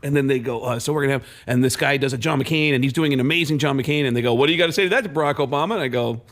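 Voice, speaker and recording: A man's voice: mid-range voice, rapid-fire. A man, a comedian and impressionist, telling stories in a casual chat, acting out the voices of the people in them. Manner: animated storyteller, acts out voices.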